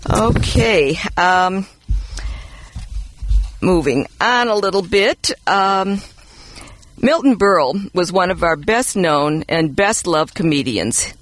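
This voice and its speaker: A co-host reads mock commercials and one-liners with playful emphasis. The pitch swings widely from line to line. The recording is dry and close. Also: no room sound. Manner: lively, expressive read with playful emphasis. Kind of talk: reading mock ads and jokes aloud.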